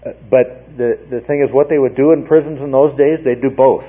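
A man teaching through scripture to a congregation, emphatic and repetitive, checking in with "okay?" after each point. His voice is a little husky and sits at a middle pitch. The recording is narrow and tinny, like an old radio broadcast heard over a phone line. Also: fairly even intonation, brisk. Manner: emphatic, repeats phrases, frequent "okay?" check-ins. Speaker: Bible teacher. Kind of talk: verse-by-verse Bible teaching.

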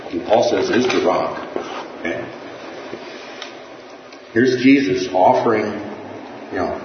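A man's voice: low-pitched, noisy background. A man teaching a Bible class in a conversational way, often checking in with his listeners. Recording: distant, dull echoey room.

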